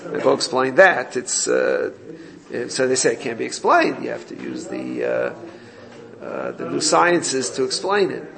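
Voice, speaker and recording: Gravelly man teaching a Torah class. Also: medium pitch, sing-song, a little slow, a crowd in the background. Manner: explanatory, reads Hebrew text then translates.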